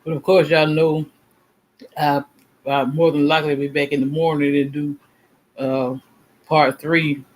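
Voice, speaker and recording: A man's voice: a little high, level tone, a little slow, long pauses, rough recording. Rambling self-assured man, raised voice. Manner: rambling, emphatic, self-assured, repeats himself. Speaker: channel host. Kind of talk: casual livestream talk.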